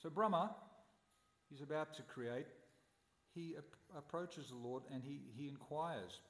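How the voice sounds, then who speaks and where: A man's voice: fairly high pitch, measured pace, a bit bright, reverberant, big-room sound. A man giving a scripture class at a temple, telling stories animatedly and posing rhetorical questions. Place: temple hall.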